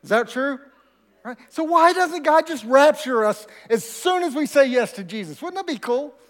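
A man's voice: extremely high pitch, animated, moderate pace, big-room sound. A man preaching a sermon as pastor of his church, talking conversationally and asking the congregation questions. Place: church sanctuary.

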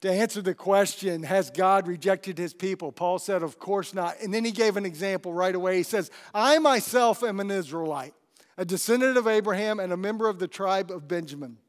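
A man preaching a sermon, telling a scripture story with animated storytelling and asking the congregation questions. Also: high voice, brisk. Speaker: pastor.

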